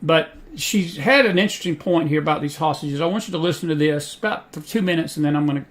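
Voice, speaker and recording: A man from South Georgia with a Southern accent hosts faith-based news commentary, speaking fast in a slightly high voice. His style is folksy and emphatic, and he repeats key phrases.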